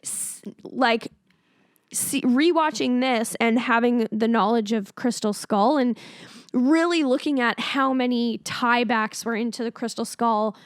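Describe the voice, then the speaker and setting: A woman with a Canadian accent co-hosting a podcast, chatty and agreeable, quick to laugh. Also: a little high, dry recording, studio quality. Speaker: podcast co-host. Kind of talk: casual chat.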